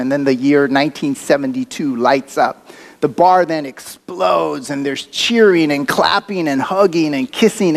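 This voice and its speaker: A man preaching a sermon as a pastor, talking in a conversational, reflective way with occasional fillers. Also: fairly high pitch.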